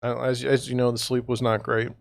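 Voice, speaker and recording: Gravelly-voiced man ranting with exasperation. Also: medium pitch, monotone, fairly quick, no room sound, clean studio sound. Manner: rambling, exasperated ranting with sarcastic asides. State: tired, yawning. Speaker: real estate agent hosting a livestream. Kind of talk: casual livestream monologue.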